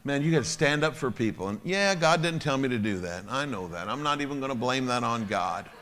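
A man preaching a sermon at a church service, at a normal middle pitch. His tone is forceful and bright. He tells his stories bluntly and emphatically, often with a chuckle. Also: lively intonation, brisk, long reverb tail, slight background noise. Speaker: pastor. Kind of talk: sermon storytelling.

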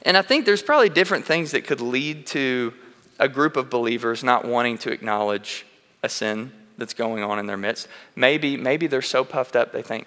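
Bright-voiced man preaching in a reverberant hall. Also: mid-range voice, animated, moderate pace. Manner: earnest, candid storytelling with frequent restarts. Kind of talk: sermon. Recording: long reverb of a large hall.

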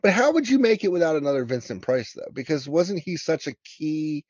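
A man's voice: on the high side, sing-song, brisk, a little mellow, breathy edge, no echo, dull audio. American male podcast co-host, casual and rambling, dry close sound. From United States. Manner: rambling, lots of fillers and restarts. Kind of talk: casual film discussion.

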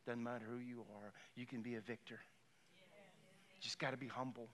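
A man's voice: medium pitch, normal speed. A middle-aged male pastor preaching a sermon, telling stories animatedly and acting out the people in them. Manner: animated storytelling, acting out voices.

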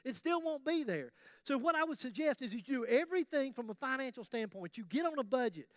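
Pastor guy preaching, high voice, jokey and chatty, dry close sound. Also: a little fast, no room sound. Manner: animated, joking, conversational preaching. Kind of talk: sermon.

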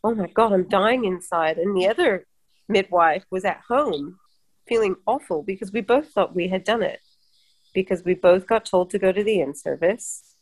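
A woman who works as a midwife, chatting casually and telling work stories in an expressive, animated way. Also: medium pitch, normal speed. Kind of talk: casual chat.

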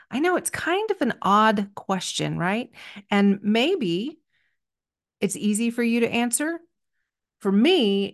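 A middle-aged woman hosting a podcast, telling a story in an earnest, chatty and self-deprecating way. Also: mid-range voice. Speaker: podcast host. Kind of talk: casual solo podcast storytelling.

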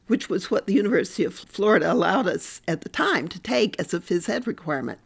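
A woman's voice: mid-range voice, big pitch swings, brisk, gravelly, breathy edge. An older woman, a professor, telling her own story candidly and with animation as a podcast interview guest.

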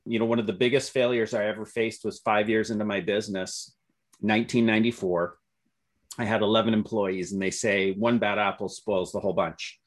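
A man's voice: on the low side, steady tone, a little fast. A middle-aged man, an upbeat and optimistic entrepreneur, telling business stories in an interview with frequent restarts. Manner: upbeat, optimistic storyteller with self-corrections. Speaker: entrepreneur guest. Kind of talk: storytelling interview answers.

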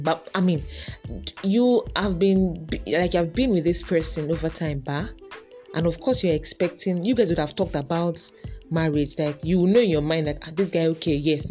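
Low-voiced nigerian woman musing aloud. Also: a little mellow. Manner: chatty, musing aloud, dropping in Yoruba and pidgin words. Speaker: podcast host. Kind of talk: casual podcast monologue.

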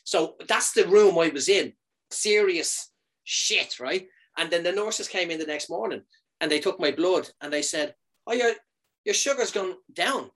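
A man in his thirties, a comedian chatting casually and telling animated stories, leaping up in pitch for quoted lines. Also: unhurried. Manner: animated storyteller, jumps high for quoted lines. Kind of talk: casual chat.

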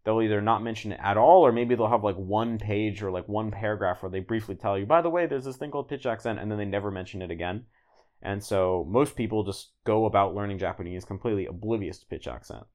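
A man's voice: lowish voice, quick pace. A man talking casually as a podcast guest, explaining at length with lots of fillers and restarts. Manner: relaxed, rambling, many "like"s and restarts. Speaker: guest, language learner.

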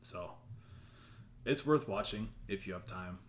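A man's voice: sits low, measured pace, slight background noise. A man in a casual chat about films, laid-back, giving short replies and laughing easily.

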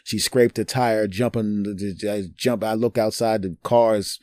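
A man hosting a podcast, telling personal stories in an animated, digressive, joking way. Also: lowish voice, measured pace, no room sound, studio quality. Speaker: podcast host. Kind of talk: storytelling monologue.

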